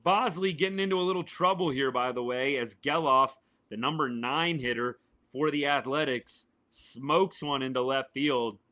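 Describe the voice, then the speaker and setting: A man with a drawl, hoarse and worn down, calls a baseball game live for his podcast audience. His voice is sharp and bright despite the fatigue, at a middle pitch. He talks loosely and directly to viewers, answering them by name. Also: moderate pace. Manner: chatty, answers chat viewers by name, says y'all. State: voice worn and failing, a little quieter than usual. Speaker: podcast host doing live game reaction. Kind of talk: casual live sports reaction and commentary.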